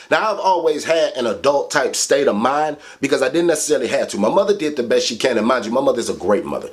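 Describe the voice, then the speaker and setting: A man telling a childhood story to camera in a casual, animated way, swearing heavily. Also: fast, hardly any pauses. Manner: animated, profane, heavy swearing; big swings in pitch for emphasis. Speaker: vlogger.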